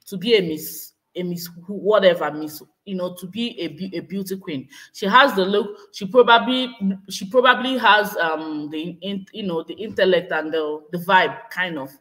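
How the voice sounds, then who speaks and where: A woman's voice: on the low side, normal speed, hardly any pauses, a bit bright. A woman vlogger in casual live-stream commentary, speculating and hedging as she reads out and answers viewer comments. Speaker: vlogger hosting a live chat.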